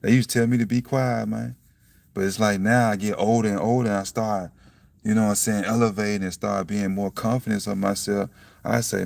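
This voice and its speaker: A young man with a low, gravelly voice talks about faith in a loose, blunt way, swears freely and keeps checking in with "you see what I'm saying." He bursts into loud laughs now and then. The sound is dry and comes from a little way off the mic. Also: flat delivery, a little fast, dry recording, distant mic. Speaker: self-styled preacher vlogger. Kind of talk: casual spiritual monologue.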